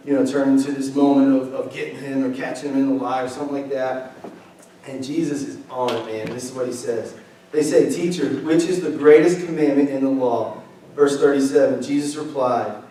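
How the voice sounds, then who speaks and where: Though weakened by illness, a young man delivers a relaxed, jokey sermon and trades banter with the congregation, his mid-range voice steady, fairly quick, and dark in tone. He's recorded from a distance in a reverberant sanctuary.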